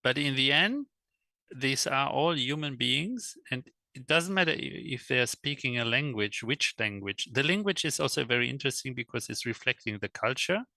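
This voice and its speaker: A man speaking English as a second language in a casual interview, halting and searching for words, at times animated. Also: medium pitch, creaky, no room sound. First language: not English. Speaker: guest, electric car world traveler.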